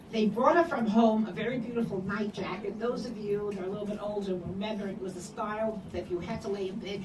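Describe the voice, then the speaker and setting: An older woman telling personal memories to an audience, animated, acting out the voices in her quoted dialogue. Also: mid-range voice. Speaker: speaker sharing memories. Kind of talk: personal storytelling talk. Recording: echoey room from far off, noisy.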